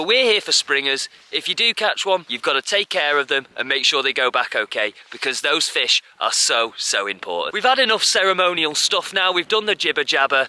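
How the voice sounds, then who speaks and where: A man's voice: on the high side, bright, forceful tone, no echo. A man from the UK chatting enthusiastically to camera on a riverbank as a fishing vlogger. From United Kingdom. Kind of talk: casual outdoor vlog talk to camera. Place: outdoors on a riverbank.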